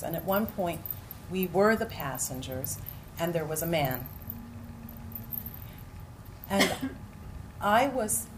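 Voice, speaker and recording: A woman leading a group, telling a story with animated bursts and acted-out shouts. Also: fairly low pitch. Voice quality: animated, acts out moments with sudden loud cries. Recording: noisy room ambience.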